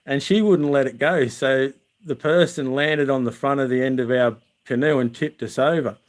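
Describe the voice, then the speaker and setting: An Australian man speaks casually to his viewers from outdoors. He tells long, rambling stories full of fillers and restarts, at an everyday middle pitch. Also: moderate pace. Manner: rambling, chatty, with many restarts and "uh". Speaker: vlogger.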